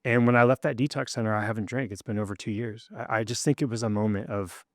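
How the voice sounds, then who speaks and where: Earnest, low-voiced man telling his story. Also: steady tone, quick pace, dry recording, studio quality. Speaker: guest. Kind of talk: casual interview storytelling.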